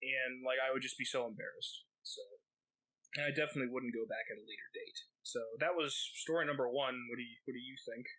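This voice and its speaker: Bright-voiced man telling a rambling story. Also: medium pitch, fast talker, poor audio. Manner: rambling, profane, lots of fillers. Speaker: podcast co-host. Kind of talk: casual storytelling.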